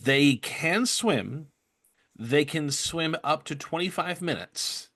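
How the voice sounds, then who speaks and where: A man who is a guest on a podcast, talking things through in a thoughtful, measured way with many small hesitations. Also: a little high, animated, a bit bright. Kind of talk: casual podcast discussion. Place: studio.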